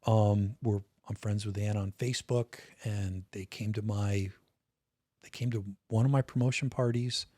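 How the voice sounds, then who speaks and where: A man's voice: lowish voice, steady tone, normal speed, mellow, no room sound. Middle-aged man telling a story, dry close sound. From United States. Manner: candid, conversational, swears casually, frequent restarts. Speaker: interview guest, retired state police major. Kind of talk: casual storytelling in a podcast interview.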